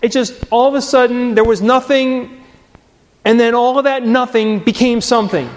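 A man preaching a sermon, earnest and emphatic, repeating key phrases with pauses. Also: extremely high pitch, fairly even intonation. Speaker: pastor. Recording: long reverb of a large hall.

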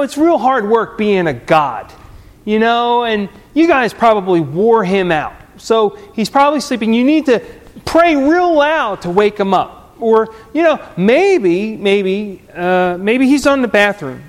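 A man's voice: high-pitched, sing-song, unhurried. A man voicing a sarcastic male prophet who taunts his rivals, in a long echoing hall. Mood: mocking. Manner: sarcastic, teasing.

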